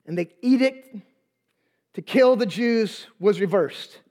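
High-voiced preacher retelling a story with humor. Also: male voice, slow. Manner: lively, humorous, slangy retelling. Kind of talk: storytelling sermon. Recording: long hall reverb.

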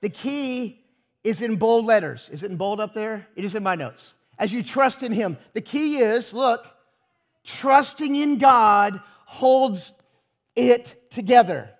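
A man's voice: sits high, animated, moderate pace. A pastor preaching a sermon to his congregation, emphatic and full of rhetorical questions.

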